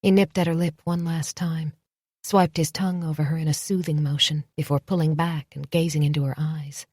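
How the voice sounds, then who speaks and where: A woman narrates a romance audiobook in a soft, intimate, measured way. Her voice sits very low and sounds husky. The recording is close and dry. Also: little pitch movement, no room sound.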